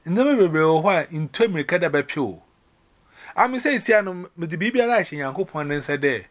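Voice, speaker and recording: Ghana guy rambling on a phone call, kinda high voice, flips between english and akan. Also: animated, brisk. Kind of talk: casual phone chat.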